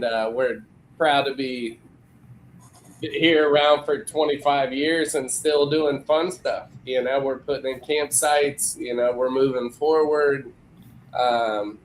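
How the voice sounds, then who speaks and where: A man's voice: medium pitch, fairly even intonation, slow pace, slight background noise, low-quality recording. A man in his forties, a restaurant co-owner and guest, talking in a laid-back, easygoing way. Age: 40s. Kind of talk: casual chat.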